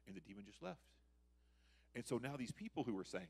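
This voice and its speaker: Lively, husky-voiced man preaching. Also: fairly low pitch, quick pace. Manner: conversational, animated, acts out quotes. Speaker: guest preacher. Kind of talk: sermon. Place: church sanctuary.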